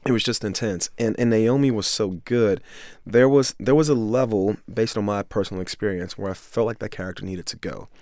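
A man's voice: fairly low pitch, fairly quick, a little mellow, dry recording, studio quality. A man from Miami, a film director, telling a laid-back, earnest story in an interview, full of "you know" and "bruh.". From Miami, USA.

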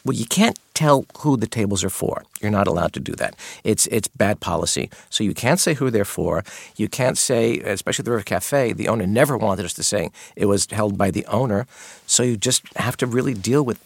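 A man's voice: on the low side, animated, fairly quick, creaky, breathy edge, no echo. A man guest on a radio interview, a maitre d' who tells candid stories from the dining room and acts out exchanges with customers.

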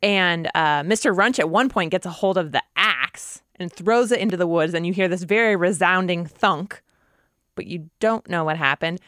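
A woman co-hosting a podcast, recapping a TV episode in casual, animated chat. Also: fairly low pitch, moderate pace, clear, resonant tone, no room sound, clean studio sound. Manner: animated, amused storytelling. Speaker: podcast co-host.

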